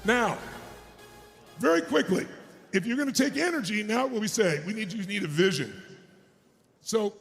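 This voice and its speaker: A man giving a motivational speech to a live crowd on an arena stage. He is energetic and shouts to pump up the crowd, with crude, joking asides. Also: high voice, normal speed, gravelly, long pauses, faint music behind. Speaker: motivational speaker.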